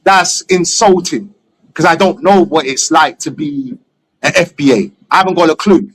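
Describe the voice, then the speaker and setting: A man's voice: a little high, normal speed. A man from England, a stream guest talking bluntly and opinionatedly, swearing freely. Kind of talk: casual chat on a live stream.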